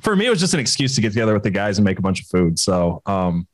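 A man in a casual political chat, opinionated and quick to laugh. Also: fairly low pitch, very animated, no room sound. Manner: opinionated, laughs often, hesitant fillers and restarts.

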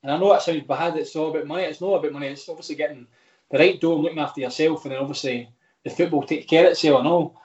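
Rambling Scottish footballer, echoey room. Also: male voice, on the high side, fairly even intonation, very fast, a little mellow, lo-fi sound. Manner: rambling, frank, with lots of restarts. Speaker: footballer guest. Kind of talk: casual podcast chat.

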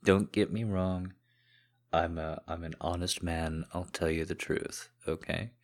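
A man in a whispered role-play, speaking softly and teasingly to the listener as a partner back from a trip. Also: deep voice, steady tone, measured pace. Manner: soft-spoken, teasing and affectionate.

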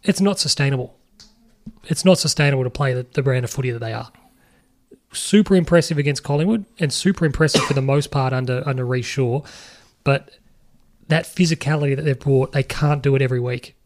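A man co-hosting a casual sports podcast, chatty and teasing. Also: mid-range voice. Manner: teasing, chatty, quick opinions. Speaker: podcast co-host.

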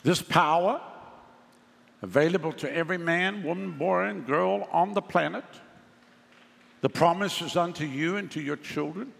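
Male pastor, fairly high, gravelly voice, sermon with sarcastic asides, long hall reverb. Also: normal speed, a bit bright. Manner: conversational preaching, mocking asides.

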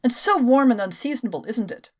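A woman reading a polite, timid village woman from an old novel who keeps up small talk. Her voice is rather high and bobs up and down lightly. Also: lively intonation, a little fast. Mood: chatty. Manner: politely chatty.

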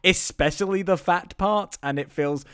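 A man's voice: sits high, moderate pace, a bit bright, clean tone, no echo, studio quality. A man co-hosting a casual film-recap podcast, joking and laughing often with plenty of fillers. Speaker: podcast co-host.

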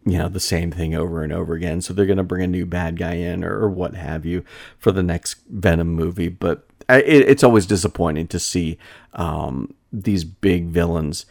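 A man's voice: low voice, normal speed, vocal fry. A man giving a casual, rambling film review, full of fillers and restarts. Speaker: shop-themed movie reviewer.

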